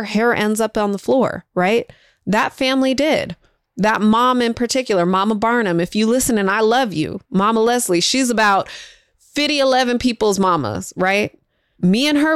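A woman's voice: mid-range voice, smooth, dry recording, studio quality. A mother talking casually and encouragingly to viewers, sharing parenting advice in a conversational, folksy way.

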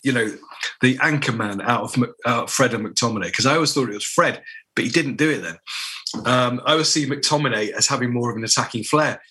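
A man's voice: medium pitch, pushed and bright. A man co-hosting a football podcast, rambling casually through his views and often restarting his sentences. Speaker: podcast co-host.

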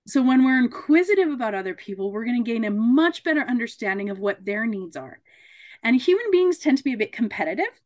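Animated woman mediator giving a talk. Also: fairly high pitch, fairly quick. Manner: animated, acts out quoted voices, laughs often. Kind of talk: casual talk to a support group.

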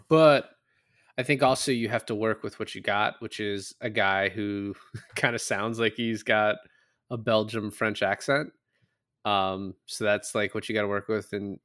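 A man's voice: lowish voice, a bit bright. A man co-hosting a podcast, chatting casually about a movie, laid-back and laughing between remarks. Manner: laid-back, swears freely, laughs while talking. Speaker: podcast co-host. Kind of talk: casual movie review chat. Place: podcast recording.

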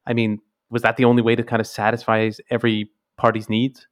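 A man's voice: mid-range voice, completely flat delivery, brisk. A podcast host posing a long, thoughtful question, hedging with "I mean" as he builds it.

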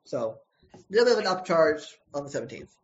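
A male comic creator answering interview questions casually, often pausing and restarting his sentences. His voice sits a little higher than most men's. The sound is slightly dull and lo-fi. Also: big pitch swings. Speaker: comic book writer and co-creator.

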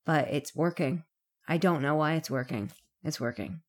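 A guest talking casually and quickly on a podcast, swearing freely. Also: mid-range voice, expressive. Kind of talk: casual interview talk.

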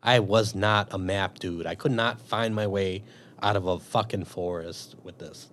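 A man with a slightly low voice tells a story in a loose, chatty way. He swears freely and acts out what he was thinking as he goes. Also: measured pace, a little hiss or hum. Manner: profane, animated storyteller. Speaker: guest telling a story. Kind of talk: casual storytelling.

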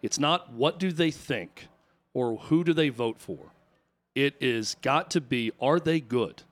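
A man's voice: medium pitch, a little slow. A man co-hosting a sports talk radio show, arguing his point with emphatic, repeated rhetorical questions. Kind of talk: opinionated talk radio commentary.

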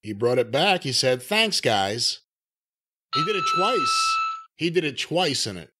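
A man's voice: medium pitch, very animated, moderate pace, heavy background noise. A man co-hosting a wrestling podcast, talking in a dry, matter-of-fact way and reading off figures. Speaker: podcast co-host. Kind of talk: casual wrestling chat.

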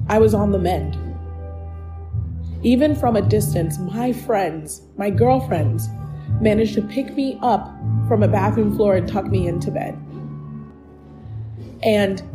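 Earnest woman host over background music. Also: medium pitch. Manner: earnest, encouraging, addresses listener as friend. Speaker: podcast host. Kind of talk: heartfelt personal storytelling. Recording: music playing underneath.

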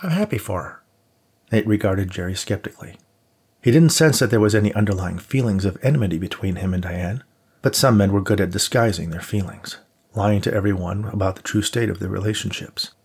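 A male audiobook narrator with a low, gravelly and somewhat husky voice. He reads in a steady, measured manner. It is a plain storytelling read.

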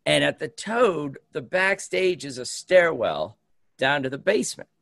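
Animated man telling a story. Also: fairly high pitch, a little slow, creaky. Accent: American. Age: 50s. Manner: animated, acts out quoted voices. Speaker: podcast co-host. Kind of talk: casual storytelling.

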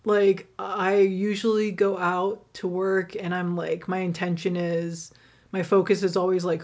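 A young woman hosting a podcast, telling a personal story in a candid, rambling way, swearing freely and filling pauses with "like" and "um". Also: lowish voice, flat delivery, darkish tone. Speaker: podcast host and rideshare driver.

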